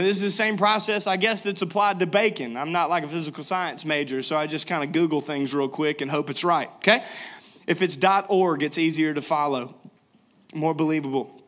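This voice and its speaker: A young man preaching a sermon in a jokey, lively storytelling way. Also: fairly high pitch. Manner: jokey, animated, laughs often. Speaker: pastor.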